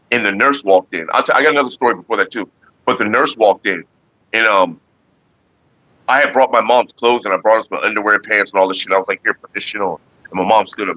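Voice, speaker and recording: A man hosting a casual livestream tells profanity-laced stories with animated energy and talks to his viewers. His voice is bright and sharp. The sound is dry and a little muffled. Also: lowish voice, fast talker, dry recording. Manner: profane, animated storyteller who also chats with viewers. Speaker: livestream host.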